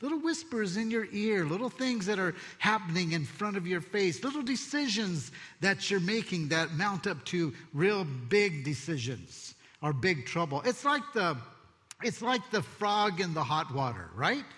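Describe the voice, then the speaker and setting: A man preaching a sermon as pastor, expressive and conversational, telling stories with asides. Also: sits high, unhurried. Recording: long hall reverb.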